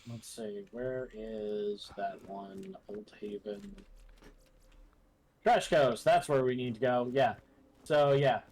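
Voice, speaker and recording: Male VTuber co-player, middle pitch, casual, sweary, guiding the play. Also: takes it slowly, darkish tone, slight background noise. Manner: laid-back, joking, swears, guides the play. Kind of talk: casual game-stream banter.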